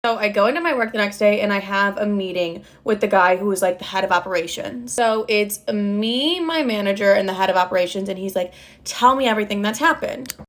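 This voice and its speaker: A woman's voice: medium pitch, brisk, few pauses. A woman telling a personal story in a casual, blunt way, swearing freely and stressing her words.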